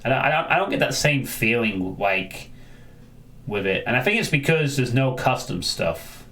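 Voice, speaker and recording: A man's voice: mid-range voice, big pitch swings, moderate pace, pushed and bright. A man chatting casually on a live stream, rambling and answering viewers, often restarting his sentences.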